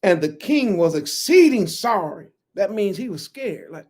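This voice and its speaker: A preacher giving a Sabbath sermon, talking slowly and emphatically, swinging from loud outbursts to hushed asides. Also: mid-range voice, big pitch swings, slightly rough.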